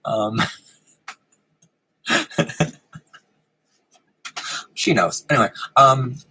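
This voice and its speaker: Husky giggly man on a live stream. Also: mid-range voice, extremely slow, pushed and bright, rough recording. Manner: giggly, rambling, frequent ums. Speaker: host of a live-streamed show. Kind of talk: casual live-stream chat. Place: indoor room with a fan running.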